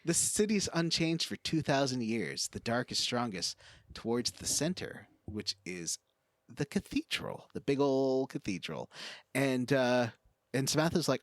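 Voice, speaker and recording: A man's voice: mid-range voice, lively intonation, a little slow, no echo. A man co-hosting a podcast, rambling through a casual game recap with lots of fillers. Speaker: podcast co-host.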